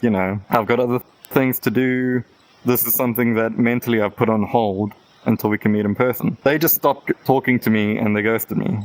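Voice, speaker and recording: A man with a medium-pitched voice appears as a podcast guest, candidly telling a personal story in casual chat. He rambles, acts out both sides of the exchanges in quoted back-and-forth, and laughs now and then. The recording is dry and the audio poor.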